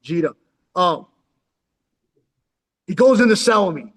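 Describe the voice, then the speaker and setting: High-voiced man telling street stories. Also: moderate pace, pauses often. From San Diego. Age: 40s. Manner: street slang, keeps saying "dog", animated retelling with acted-out quotes. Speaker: storyteller. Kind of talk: casual storytelling chat.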